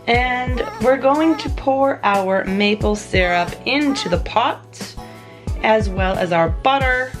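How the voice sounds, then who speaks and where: A woman hosting a home cooking video, chatting casually to viewers with joking asides, in her kitchen. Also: mid-range voice. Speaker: cooking channel host. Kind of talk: casual recipe vlog.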